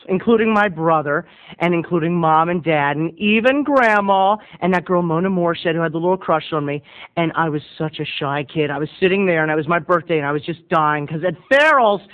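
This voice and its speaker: Male vlogger, very high bright voice, theatrical comic storyteller. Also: rough recording. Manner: theatrical, exaggerated delivery. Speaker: video blogger.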